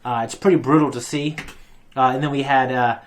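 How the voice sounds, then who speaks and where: Casual male reaction host, mid-pitched, loose talky delivery with fillers. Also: fairly even intonation, a little fast. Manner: rambling, many fillers and restarts. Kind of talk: casual recap and commentary.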